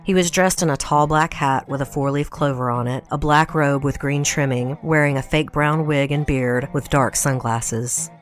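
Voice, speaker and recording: A woman's voice: low voice, normal speed, few pauses, soft background music. Southern American woman narrating true crime. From Tennessee, USA. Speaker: guest podcast host.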